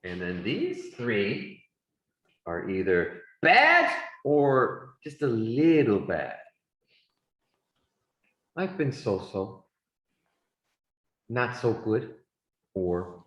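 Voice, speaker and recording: A man teaching an English class, speaking slowly and deliberately for students. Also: muffled recording. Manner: slow, deliberate speech with lively pitch swings. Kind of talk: classroom lesson. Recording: echoey classroom sound.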